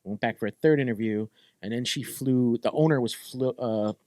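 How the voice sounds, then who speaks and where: A man in a casual podcast chat, telling an animated story and acting out the people in it. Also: mid-range voice, normal speed, no echo, clean studio sound. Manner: storytelling, acts out quoted people.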